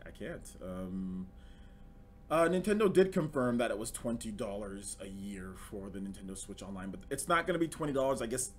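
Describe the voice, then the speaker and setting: A young man hosts a gaming livestream in a loose, excitable way, full of slang and repeated phrases. His pitch swings widely as he talks, and a faint hiss sits under the voice. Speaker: livestream host. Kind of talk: casual gaming news chat.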